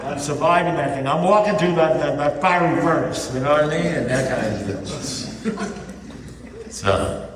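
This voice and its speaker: A man's voice: fairly high pitch, normal speed, distant mic, heavy background noise. Man telling his story in an echoey hall. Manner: storytelling with animated quoted dialogue. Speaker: recovery meeting speaker. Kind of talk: personal testimony talk. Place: church hall. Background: faint audience laughter.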